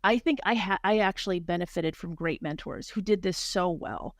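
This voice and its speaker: A woman with a somewhat low voice talks quickly and earnestly as a guest on a podcast. She often restarts and repeats words as she goes. The sound is dry and close, with almost no room echo. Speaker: hospital physician executive, guest. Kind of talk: podcast interview conversation.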